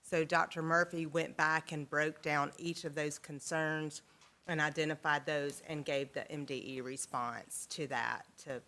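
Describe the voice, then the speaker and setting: A woman with a notably low voice briefs a board as an education department official. She explains step by step and fills her pauses with ums. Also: steady tone, bright, forceful tone.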